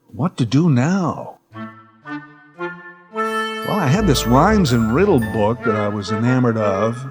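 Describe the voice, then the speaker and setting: A man from the prairies, narrating a comic memoir with dry, self-mocking asides. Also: mid-range voice. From Canadian prairies. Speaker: storyteller.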